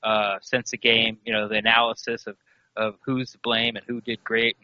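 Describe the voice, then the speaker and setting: A man's voice: lowish voice, level tone, moderate pace, dull audio. A man co-hosting a casual sports podcast, laid-back and agreeable. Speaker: podcast co-host.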